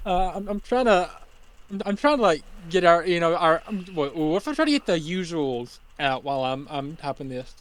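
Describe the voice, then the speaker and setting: Young male co-host, easygoing, hesitant, slightly higher pitch. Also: lively intonation, normal speed. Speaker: podcast co-host. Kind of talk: casual podcast banter.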